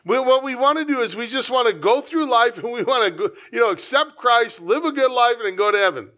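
A man's voice: very high-pitched, lively intonation, brisk, sharp tone. A man pastor preaching a conversational sermon, breaking into acted-out asides.

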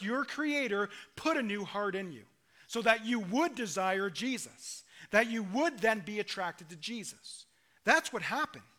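A man's voice: high-pitched, bright, forceful tone. A man preaching a sermon as pastor, earnest and emphatic, building to strong declarations.

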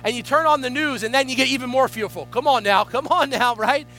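Fervent high-voiced male preacher. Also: a little fast, bright, forceful tone, faint music behind, low-quality recording. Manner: fervent preaching with rising call-outs. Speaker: guest pastor. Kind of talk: sermon.

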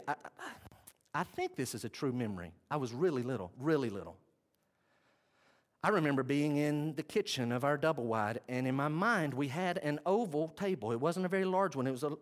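Man pastor preaching, lively swinging delivery, slightly high voice, long church reverb. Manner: animated, swings from loud to hushed. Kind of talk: sermon. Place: church sanctuary.

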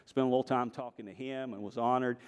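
A man with a slight Southern accent preaching a sermon, moving between emphatic declarations and quiet, conversational storytelling. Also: mid-range voice, fairly even intonation, fast, smooth, big-room sound. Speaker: pastor. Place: church sanctuary.

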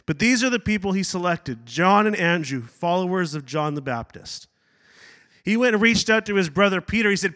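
Bright-voiced man preaching in an echoing hall. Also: high voice, moderate pace. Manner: animated preaching with asides and acted-out quotes. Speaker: pastor. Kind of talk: sermon. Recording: long hall reverb.

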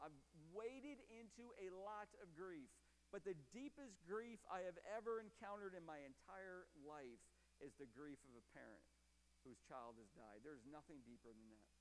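Middle-aged guy preaching, kinda high voice, loud then hushed, echo hanging in a big church. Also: moderate pace. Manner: animated preaching, repeats phrases for emphasis, swings from loud to hushed. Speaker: pastor. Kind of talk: sermon.

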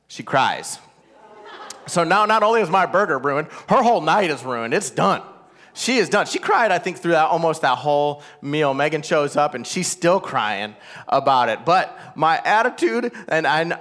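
A man telling a personal family story to a live audience. He is animated and self-deprecating, with frequent asides to the listeners. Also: on the high side. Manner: animated, self-deprecating, rising to loud exasperation at the climax; talks straight to listeners with frequent "all right?" asides.

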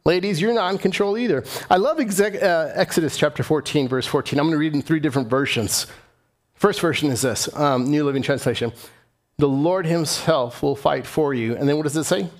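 A man's voice: on the high side, quick pace. A middle-aged man preaching a sermon as pastor, earnest and climbing to impassioned emphasis.

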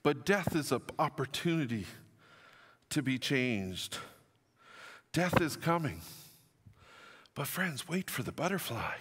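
A man's voice: fairly high pitch, fairly bright tone. Earnest male preacher in a reverberant hall. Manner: earnest, rising to emphatic declarations. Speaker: pastor. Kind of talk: sermon.

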